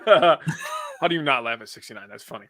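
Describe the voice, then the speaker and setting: A man co-hosting a casual sports podcast, animated and quick to laugh, swearing freely as he talks games. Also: fairly high pitch, no room sound. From Wisconsin. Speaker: podcast co-host.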